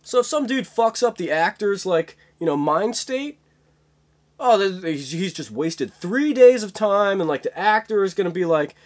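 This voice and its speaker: A man's voice: high voice, lively intonation, normal speed. A young man vlogging in a casual, rambling monologue, full of fillers and swearing. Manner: rambling, many fillers, profane.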